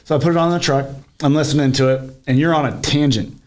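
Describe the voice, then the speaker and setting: A man co-hosting a podcast, telling a story in an animated, profane way in casual chat. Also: on the high side, fast talker. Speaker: podcast co-host.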